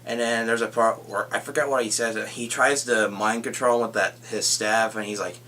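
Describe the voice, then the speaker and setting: A young man rambles through a casual movie review, retelling scenes and swearing freely. His voice is bright and forceful as he gets excited about it. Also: on the low side, moderate pace, a little hiss or hum.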